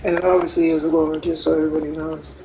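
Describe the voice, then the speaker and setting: A woman giving casual, animated gameplay commentary, swearing freely and retelling what her teammates say. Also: low voice, quick pace, vocal fry, noisy background. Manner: animated, profane, retells teammates' reactions with laughter. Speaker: gamer streaming gameplay.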